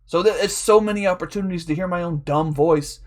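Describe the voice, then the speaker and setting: A man's voice: sits high, brisk. A man telling a long, rambling story in a casual, profane way, laughing often as a draft league coach.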